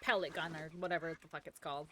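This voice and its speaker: A woman's voice: sits low, fairly even intonation, quick pace, pushed and bright, a little hiss or hum. A young woman streaming a game, joking, swearing and laughing as she plays. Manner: profane, joking, laughs often. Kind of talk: live gameplay commentary.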